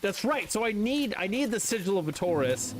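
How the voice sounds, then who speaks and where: A man's voice: sits high, big pitch swings, brisk. A man streaming a video game, thinking aloud and swearing casually as he plays. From North America. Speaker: gaming streamer. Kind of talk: casual gameplay commentary.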